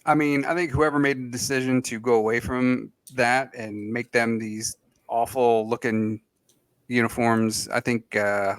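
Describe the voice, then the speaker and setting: Brief: male sports podcaster, animated rant, mid pitch, dry mic. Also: a little slow, smooth, no echo. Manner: opinionated, animated ranting with mocking put-on voices. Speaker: podcast co-host. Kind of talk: casual sports chat.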